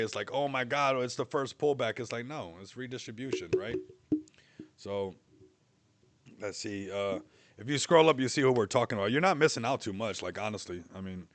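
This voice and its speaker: A young livestream host chats loosely and rambles, mocking things and laughing often. His voice is mid-range and fairly bright, with no echo.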